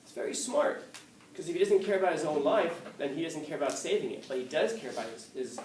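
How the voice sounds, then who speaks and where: A male teacher with a fairly high voice gives an animated classroom lecture, acting out quoted lines and often restarting mid-sentence. He sounds far from the mic in an echoey room, with a faint room hum underneath. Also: quick pace. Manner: animated storytelling, acts out quotes, frequent restarts.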